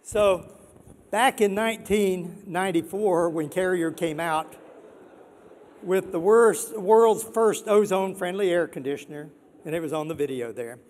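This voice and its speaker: An older man giving an earnest, excitable award acceptance speech, repeating words for emphasis. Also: high voice, measured pace. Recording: long reverb of a large hall.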